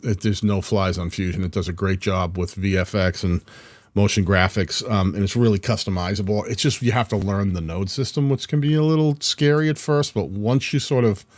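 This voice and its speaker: A man in his fifties with a New England accent chats loosely on a live stream, circling back and restarting his sentences as he reads out comments. His voice sits on the low side. The sound is close and dry, with almost no room behind it. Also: a little fast, dry recording. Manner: chatty and rambling, with frequent restarts. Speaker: video editing channel host. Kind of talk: casual live-stream chat reading comments. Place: home video studio.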